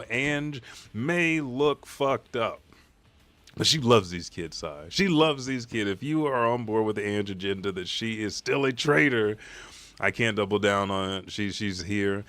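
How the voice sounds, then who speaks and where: A man hosting a live manga chapter reaction, recapping scenes in a profane, excitable way and acting out the characters' lines. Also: lowish voice, no room sound.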